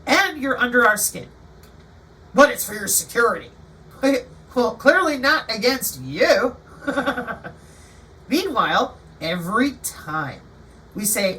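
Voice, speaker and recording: Animated sarcastic woman ranting. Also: a little high, slow pace, long pauses, distant mic, poor audio. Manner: animated, sarcastic, acts out quotes. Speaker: channel host. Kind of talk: livestream monologue.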